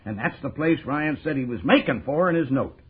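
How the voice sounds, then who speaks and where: An actor playing a boastful, chuckling prison governor in a 1940s radio drama, heard over a tinny old broadcast. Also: male voice, medium pitch, animated, brisk, husky. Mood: gloating. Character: boastful American prison governor, middle-aged man.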